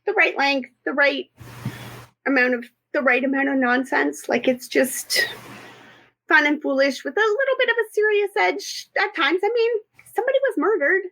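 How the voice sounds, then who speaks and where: A woman's voice: high-pitched, fairly bright tone, poor audio. A woman co-hosting a podcast, casually describing a show with a chatty, offhand manner. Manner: chatty, laughs along, reacts with quick asides. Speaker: podcast co-host. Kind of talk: casual chat.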